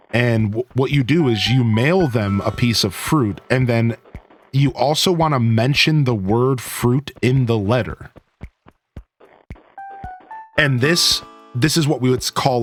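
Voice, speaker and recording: A man streaming a video game, chatting casually and joking with his viewers. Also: mid-range voice. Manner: animated, jokey, talks to chat. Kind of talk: casual gaming chat.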